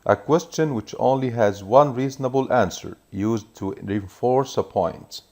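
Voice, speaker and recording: A man teaching a recorded revision lesson, explaining each point in a measured way and reading examples aloud. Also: medium pitch, a little mellow.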